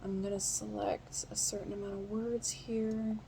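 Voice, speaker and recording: A woman's voice: mid-range voice, little pitch movement, dark tone, a little hiss or hum. A woman giving a casual, chatty stenography practice lesson, talking straight to her viewers. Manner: chatty, quick, talks to the viewer directly. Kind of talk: casual instructional talk.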